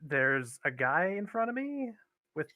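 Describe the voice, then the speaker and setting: A man playing a tabletop game, hesitant and halting. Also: fairly high pitch, very animated, pushed and bright, dry recording. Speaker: player.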